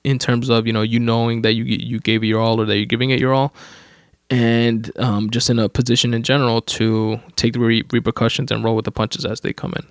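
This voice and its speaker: Gravelly man rambling casual advice. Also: medium pitch, level tone, a little fast, no echo, studio quality. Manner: rambling, with many restarts and fillers. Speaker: podcast host reading his own writing. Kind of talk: casual self-help monologue.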